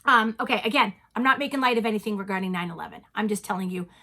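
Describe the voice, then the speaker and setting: A woman, hosting a chatty personal vlog from her home closet and talking straight into the camera in an animated, theatrical way. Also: medium pitch, very fast. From New England. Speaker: vlog host.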